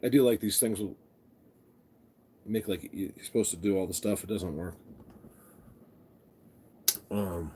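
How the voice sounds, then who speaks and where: A man's voice: low-pitched, unhurried, long pauses, mellow, slight background noise. A man chatting casually with viewers on a live stream from his phone, groggy from just waking up and rambling as he greets people by name. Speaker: vlogger hosting a live stream. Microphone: phone camera.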